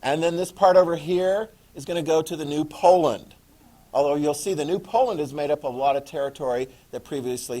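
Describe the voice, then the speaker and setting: A middle-aged man giving a classroom history lecture in a jokey, animated way, acting out quick voices. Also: a little high. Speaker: history teacher.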